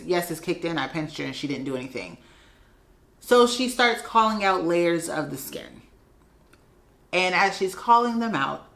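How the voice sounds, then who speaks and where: A young adult woman vlogger telling a personal story in a casual, animated way, acting out the voices of the people in it. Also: sits low.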